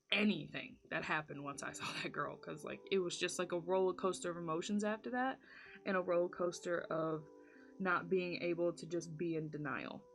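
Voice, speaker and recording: A woman vlogger telling a spooky story in casual chat while doing her makeup, full of "like" fillers and dramatic retelling. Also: on the low side.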